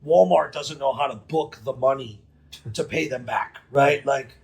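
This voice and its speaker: A man, telling a story as a podcast guest in a profane, emphatic, rapid way. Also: medium pitch, creaky. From New England. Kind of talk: casual storytelling.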